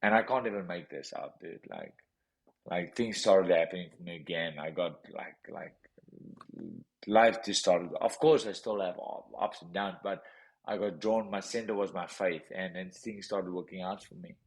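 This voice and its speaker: A man's voice: low-pitched, normal speed, gravelly, poor audio. A man with a South African accent, a podcast guest telling a personal story with intensity, often repeating phrases. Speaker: podcast guest, professional boxer.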